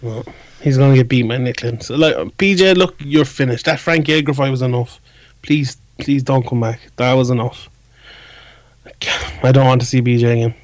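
A man's voice: mid-range voice, normal speed, darkish tone, dry recording. An Irish man co-hosting a podcast, teasing and offhand in banter. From Ireland. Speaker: podcast co-host. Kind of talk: casual podcast chat.

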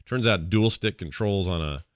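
A man with a very deep, smooth voice talks about games in a laid-back, jokey way. He is a little groggy from cold medicine. The sound is dry and close to the mic. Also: moderate pace, no echo. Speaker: podcast co-host. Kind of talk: casual chat about games.

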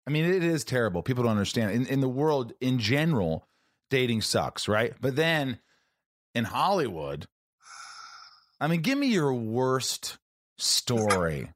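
A man's voice: medium pitch, sing-song, measured pace. A man hosting a podcast, asking curious, teasing questions in casual chat. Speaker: podcast host.

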